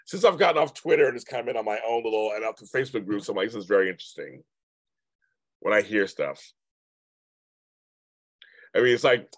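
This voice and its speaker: A man with a fairly low voice hosts a casual livestream, rambling and repeating himself as he reads and answers viewer comments. There's no room sound on the recording.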